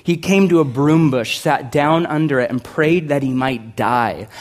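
A man preaching a sermon, conversational and animated, swinging from loud to hushed with humorous asides. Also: a little high, unhurried, few pauses. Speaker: pastor.

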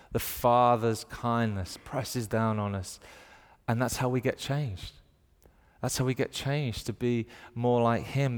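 A man in his thirties with a Northern English accent, preaching a lively sermon and telling stories with playful put-on voices. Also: mid-range voice, clean tone, long reverb tail. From north of England.

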